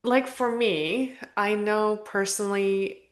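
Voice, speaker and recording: A woman's voice: mid-range voice, steady tone, slow. A woman speaks openly and reflectively in casual podcast talk, with sighs and asides as she works through her thoughts. Her voice sits in a middle register. The recording has a noticeable roomy echo. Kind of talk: candid conversational podcast talk.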